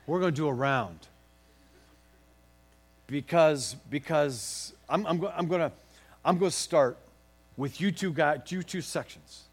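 A man's voice: on the high side, unhurried, pauses often, slightly rough. A male pastor preaching a sermon in a folksy, encouraging way, joking with the congregation and leading them in song.

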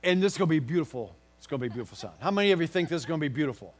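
A man's voice: a little high, very animated, very fast, background noise. A male pastor preaching a sermon in a folksy, encouraging way, joking with the congregation and leading them in song.

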